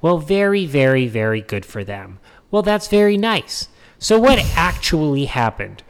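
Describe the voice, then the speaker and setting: In an opinion monologue on politics, a man speaks in a smooth, unhurried, sing-song voice that sits on the high side. He is sarcastic and emphatic, mocking others with voices when quoting them and hammering his points through repetition.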